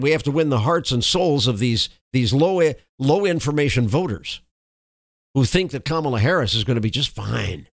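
Lively male talk radio host, dry sound. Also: medium pitch, no room sound. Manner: folksy, emphatic sign-offs.

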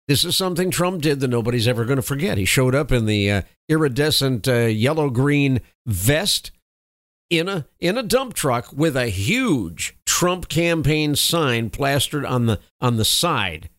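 A man's voice: medium pitch, lively intonation, measured pace, fairly bright tone, no room sound, studio quality. A man hosting a political talk radio show in an emphatic, opinionated way.

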